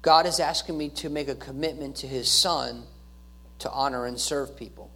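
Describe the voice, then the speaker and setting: A man's voice: medium pitch, moderate pace, bright, forceful tone. A male pastor giving an earnest sermon, repeating key phrases and restarting his words as he preaches.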